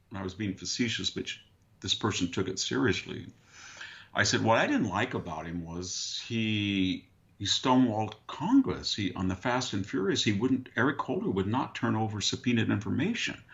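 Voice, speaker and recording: A man being interviewed as a historian, telling dry, wry anecdotes with a deadpan punchline. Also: fairly low pitch, creaky, dull audio. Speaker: guest historian. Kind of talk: conversational storytelling. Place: rural farm valley region.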